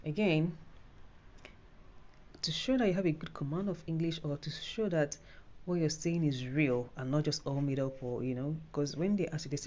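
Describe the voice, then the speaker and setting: A woman's voice: low-pitched, mellow, dull audio. A Nigerian woman giving a casual, rambling spoken tutorial on an exam, full of fillers and restarts. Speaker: IELTS tutor.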